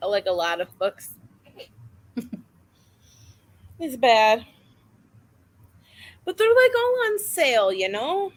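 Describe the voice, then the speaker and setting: A woman's voice: a little high, slow, pauses often, low-quality recording. Chatty young woman hosting a stream. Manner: chatty, animated and self-mocking, laughs often. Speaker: host of a reading sprint stream. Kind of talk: casual chat. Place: home, near her kitchen.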